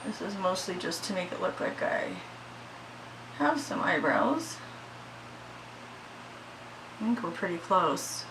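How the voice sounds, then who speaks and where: A woman's voice: on the low side, very animated, slow, pauses often, background noise. A woman chatting casually through a makeup tutorial at home, shaky and anxious, swearing freely. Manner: chatty, swears freely, yells at her dogs. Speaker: beauty vlogger.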